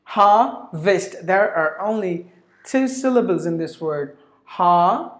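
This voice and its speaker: A woman's voice: on the low side, lively intonation, unhurried, reverberant. A woman teaching pronunciation, repeating each word several times with many fillers. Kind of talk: online pronunciation lesson.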